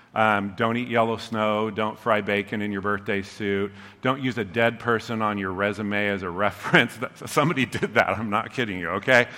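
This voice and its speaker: A man's voice: medium pitch, pushed and bright. A man preaching a sermon in a humorous, conversational way, often checking in with the crowd by asking "okay?". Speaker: pastor. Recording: long reverb of a large hall.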